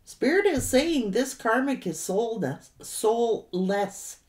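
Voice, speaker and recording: A woman giving a tarot reading to her audience, speaking straight to the viewer with drawn-out remarks and sudden exclamations. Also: a little high, expressive, a little mellow. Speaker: tarot reader.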